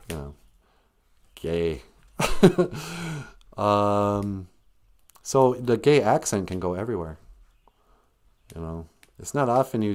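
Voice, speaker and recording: A man's voice: sits low, a little mellow. A man from Montana hosting a livestream, rambling through a joking monologue and laughing often. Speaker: livestream host. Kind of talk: casual comedic monologue.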